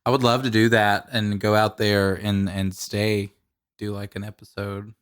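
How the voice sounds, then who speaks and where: A man's voice: fairly low pitch, flat delivery, moderate pace, clear, resonant tone. Laid-back man podcast co-host. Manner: laid-back, rambling, laughs between lines. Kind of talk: casual chat.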